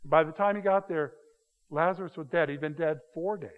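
Conversational preacher in an echoing hall. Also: male voice, fairly high pitch. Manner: conversational, animated storytelling with quick acted-out voices. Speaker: pastor. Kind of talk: sermon. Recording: dull sound with long hall reverb.

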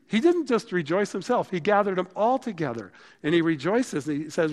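A man preaching a sermon in a casual, conversational way, growing animated and then dropping to a hushed voice for emphasis. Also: high-pitched, normal speed, in a large hall. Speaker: pastor.

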